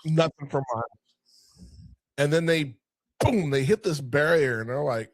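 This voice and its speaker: Male podcast host, higher voice, dry close mic, animated swearing film recaps. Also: normal speed, long pauses, no echo. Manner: animated retelling, frequent swearing. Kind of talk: casual film review chat.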